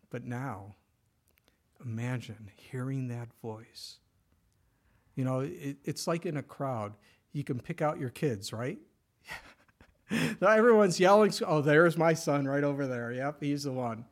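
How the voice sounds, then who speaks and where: A middle-aged pastor with a fairly high voice preaches in a relaxed, conversational way. He swings from near-whispers to sudden loud bursts and laughs now and then. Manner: jokes and laughs with the congregation. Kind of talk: sermon.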